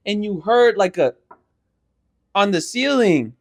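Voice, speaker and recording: A man's voice: sits high, a little slow. A young man co-hosting a casual podcast, telling stories with lots of swearing and acting out every scene, holding a handheld mic. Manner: animated storyteller, swears a lot, acts out scenes. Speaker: podcast co-host.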